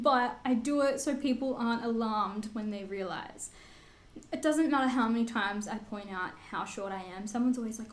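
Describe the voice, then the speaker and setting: Aussie girl in her 20s answering fan assumptions, kinda high voice, swears a lot, roomy echo. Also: moderate pace. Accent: Australian. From Australia. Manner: candid, swears freely, lots of fillers. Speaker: beauty vlogger. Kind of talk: casual chat answering assumptions.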